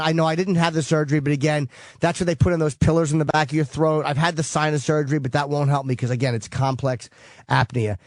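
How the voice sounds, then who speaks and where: A man's voice: a little high, no echo, studio quality. A tired, cranky man hosting a call-in show, talking bluntly and cursing a lot as he rants, with a New York accent. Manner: blunt, profane, ranting. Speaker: host.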